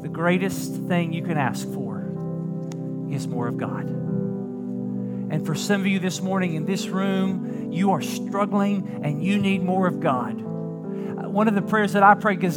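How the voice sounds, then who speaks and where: A male pastor preaching a sermon in a church, moving from quiet storytelling to loud emphatic preaching. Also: high voice, unhurried, over loud music. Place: church sanctuary.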